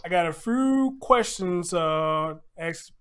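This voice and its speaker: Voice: medium pitch, lively intonation, slow, a bit bright. Laid-back stream host, chatty, relays chat questions. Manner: casual, joking, reads viewer questions. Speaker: show host. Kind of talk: live-stream call-in chat.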